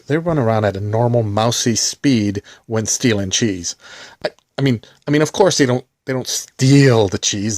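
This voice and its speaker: A man's voice: mid-range voice, dry recording, studio quality. A middle-aged man hosting his own movie channel, delivering satirical commentary in a mock-sincere, heavily sarcastic tone. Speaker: movie collector vlogger.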